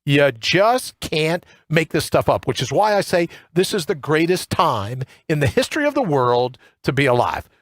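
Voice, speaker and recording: Male talk host, high and very lively delivery, sarcastic ranting monologue, dry close sound. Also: moderate pace, few pauses, no room sound. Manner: sarcastic, ranting, mocking impressions. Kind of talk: opinionated monologue. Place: home studio.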